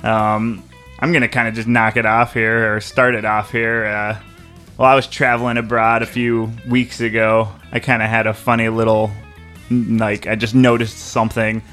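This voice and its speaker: A young man hosts a podcast, bantering casually in a laid-back way, rambling through stories and laughing a lot. His lowish voice moves little in pitch, comes across pushed and bright, and keeps a moderate pace over soft background music.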